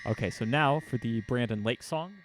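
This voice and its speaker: A man's voice: mid-range voice, moderate pace, faint music behind. A man giving a casual drum lesson, explaining hits and counting beats aloud. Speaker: drum teacher. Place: room with a drum kit. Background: drums played between talk.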